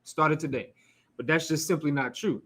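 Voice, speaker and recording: A man teaching a scripture class delivers an informal sermon in a casual, conversational style, tossing out rhetorical questions, asides and the occasional curse word, with laughs and asides to the room. His voice is a little high and a bit bright, with a steady tone at normal speed.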